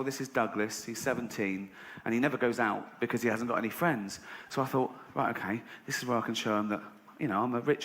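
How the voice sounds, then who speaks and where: An English man doing stand-up, telling a story in a sardonic way and jumping up in pitch when he voices other people. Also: fairly bright tone. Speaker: stand-up comedian. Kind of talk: stand-up routine. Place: large live venue. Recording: roomy live venue with audience noise.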